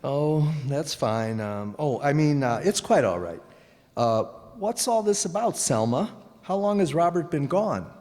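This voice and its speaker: An actor playing a wry detective husband who grumbles with sardonic jokes in an old-time radio drama. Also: male voice, on the high side, animated, unhurried, a little mellow, long reverb tail. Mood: awkward. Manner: dry, sardonic.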